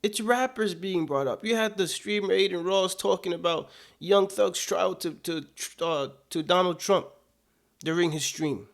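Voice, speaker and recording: A man's voice: high-pitched, steady tone, measured pace, creaky. A man giving casual political commentary, indignant and full of rhetorical questions.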